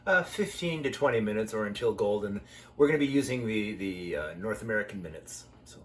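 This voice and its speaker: A man with a fairly low voice co-hosts a cooking show. He talks in a loose, rambling way full of playful asides. A faint hiss sits under the recording. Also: expressive, fairly quick. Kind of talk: casual cooking chat.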